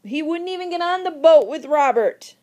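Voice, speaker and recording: A woman teacher lectures with theatrical energy and fires questions at her class. Her voice sits a little high and she pushes every point with emphasis. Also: animated, normal speed, darkish tone. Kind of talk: recorded literature lecture.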